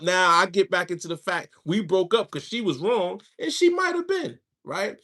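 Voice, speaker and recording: A man's voice: high-pitched, expressive, moderate pace, hardly any pauses, fairly bright tone. A man hosting a livestream, giving casual spiritual advice and telling stories with slang and asides to his viewers. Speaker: livestream host.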